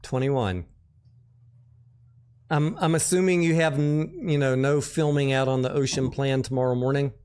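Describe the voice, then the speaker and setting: A man's voice: mid-range voice, normal speed, a little mellow, clean tone. Teasing man hosting a livestream. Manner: teasing, playful questions. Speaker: host. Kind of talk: casual livestream chat.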